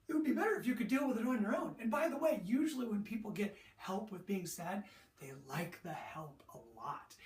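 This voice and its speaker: Sports mental coach, motivational lesson, rhetorical questions, acts out moods, echoey room, distant mic. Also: mid-range voice. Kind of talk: motivational lesson to young athletes. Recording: roomy echo, distant from the mic.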